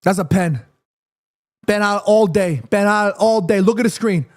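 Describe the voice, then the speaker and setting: High-voiced excitable football watchalong host. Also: male voice, normal speed. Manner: excitable, pleading, swears freely. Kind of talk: live match reaction commentary.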